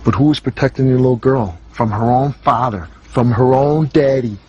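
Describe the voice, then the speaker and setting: A man's voice: mid-range voice, moderate pace, a little mellow, breathy edge, lo-fi sound. A man hosting a talk show, confronting guests in a blunt, angry and accusing way.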